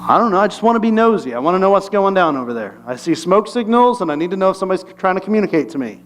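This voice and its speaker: A man's voice: sits high, sing-song, racing, slight background noise. A male pastor giving a conversational, humorous sermon and asking the congregation questions.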